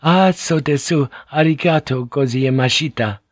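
A man voicing a nervous, apologetic young woman of a household who speaks softly and keeps apologizing. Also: on the high side, moderate pace, no echo, studio quality, pitched above the performer's own voice, lightly acted. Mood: polite.

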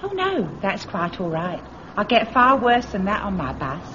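A woman's voice: medium pitch, big pitch swings, normal speed, lightly acted. A woman playing a chatty bus conductor. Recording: muffled old radio recording with hiss.

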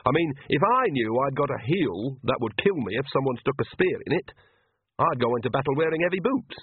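A bawdy old witch talks with blunt, earthy shamelessness, as a male narrator puts her on. The voice sits well above his own and stays lively, with a husky edge. It sounds tinny and dry, like a phone line. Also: medium pitch, a little fast, no echo, pitched above the performer's own voice.

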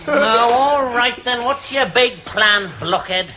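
An actor playing a sardonic, scheming nobleman who speaks with crisp scorn, with studio audience laughter. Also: very high voice, takes it slowly, bright, forceful tone, a little hiss or hum, full character voice. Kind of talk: sitcom acting.

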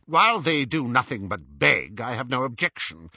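Audiobook: man playing a cool, suspicious wizard, lively pitch, bright, dry sound. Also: normal speed, no echo, lo-fi sound, exaggerated voice. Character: cool, haughty middle-aged dark wizard.

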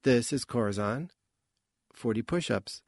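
A man's voice: mid-range voice, expressive, unhurried, no echo. A man voicing a wry guarded young woman. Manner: murmuring, dry asides.

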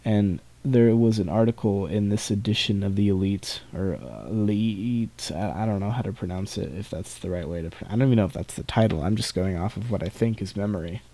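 A man's voice: fairly low pitch, a little fast, hardly any pauses, mellow. A teenage boy hosting a podcast, talking on his own in a rambling, casual way, full of restarts and asides. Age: teens. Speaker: podcast host. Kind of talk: casual solo monologue.

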